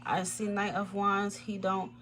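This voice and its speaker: A woman tarot reader chatting casually on a livestream, blunt and swearing freely, with frequent laughter and sudden high jumps in her voice. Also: monotone, measured pace, fairly bright tone.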